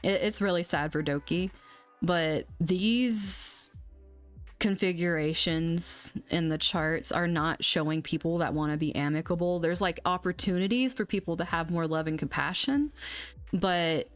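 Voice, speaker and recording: A young woman with a lowish voice chats candidly on her astrology stream. Her delivery is loose and blunt, with the odd swear. Soft music sits faintly in the background. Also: unhurried. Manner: chatty, blunt, swears casually, laughs between points. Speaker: astrology channel host. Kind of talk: casual livestream commentary.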